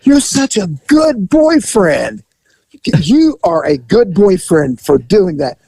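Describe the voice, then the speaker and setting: A middle-aged masseuse woman with broken English, talking in clipped, sing-song phrases, as a male storyteller puts her on. Her voice is pitched up and lilting, delivered slowly in a dry, close room. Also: big pitch swings, vocal fry, warm tone, dry recording, exaggerated voice. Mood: fawning.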